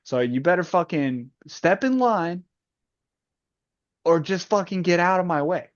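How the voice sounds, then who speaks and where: A man's voice: high-pitched, expressive, a little slow, no room sound, voice pushed up. A man voicing a furious woman leader who berates an ally in a profane rant, on a dull, dry lo-fi recording. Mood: angry ranting.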